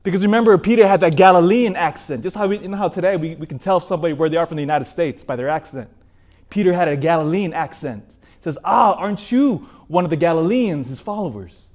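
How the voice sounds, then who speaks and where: A man preaching a sermon in an animated way, asking his listeners rhetorical questions. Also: fairly high pitch, quick pace.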